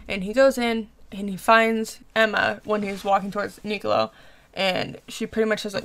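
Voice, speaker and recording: Woman, 20s, reaction vlogger, heavy vocal fry, chatty and animated. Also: medium pitch, normal speed. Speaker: reaction video host. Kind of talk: casual episode recap and review.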